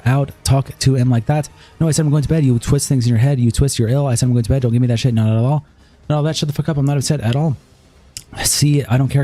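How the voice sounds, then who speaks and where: A man's voice: medium pitch, dark tone. A man streaming, reading a written statement and its text messages aloud straight through, with sighs between passages.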